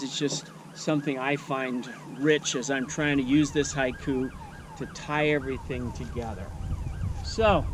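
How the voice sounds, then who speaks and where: A male nature educator giving an unhurried outdoor teaching demonstration, thinking aloud with many fillers. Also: on the high side, noisy background. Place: outdoors at a wildlife refuge.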